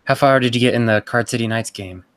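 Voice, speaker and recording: A man chatting casually before a tabletop game, relaxed and quick to laugh. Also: medium pitch, no room sound.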